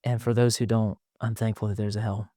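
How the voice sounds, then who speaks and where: Animated male podcast host, dry close sound. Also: lowish voice, fast, no echo. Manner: animated storyteller, laughs often, slips into playful voices. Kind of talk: casual podcast chat.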